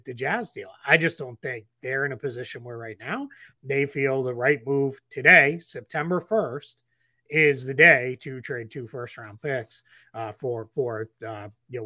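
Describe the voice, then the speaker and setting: Male podcast analyst, bright and forward voice, talks in loose rambling restarts. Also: medium pitch, dry recording, studio quality. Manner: rambling, frequent restarts and fillers. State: getting the hiccups. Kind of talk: casual basketball podcast talk.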